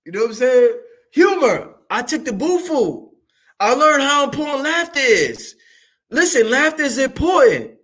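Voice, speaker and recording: A man, hosting a show in a loud, excitable monologue that swings up and down and breaks into laughter. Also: normal speed, slight background noise. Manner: loud, excitable, swings high and low, laughs often, swears freely. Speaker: show host. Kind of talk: animated livestream monologue.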